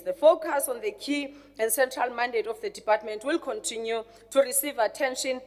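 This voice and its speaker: A woman, a government official, reading a formal budget speech to a legislature in a measured way, with some hesitations over names. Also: on the high side. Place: legislature chamber. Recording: long reverb of a large chamber.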